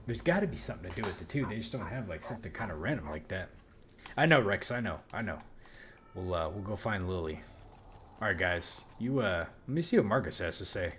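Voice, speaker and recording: A man casually commenting on his own gameplay as a let's play host, rambling and swearing with excited outbursts. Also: low-pitched, fairly quick.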